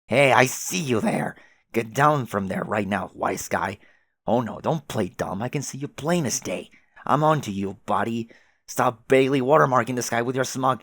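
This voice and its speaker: A man's voice: mid-range voice, no echo, studio quality, close to an everyday voice. A man voicing a furious teenage boy who rants indignantly and sarcastically at a rival.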